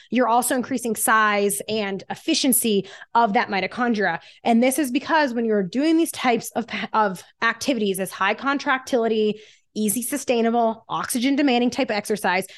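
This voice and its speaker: Lady scientist guest on a podcast, fast and lively explaining, kinda high voice. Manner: energetic, explains science quickly with analogies. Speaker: exercise physiologist guest.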